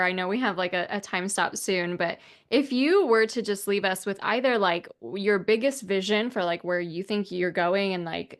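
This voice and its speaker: A woman hosting a podcast interview, quick to agree and encouraging in her replies. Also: medium pitch. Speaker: podcast host. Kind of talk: casual interview.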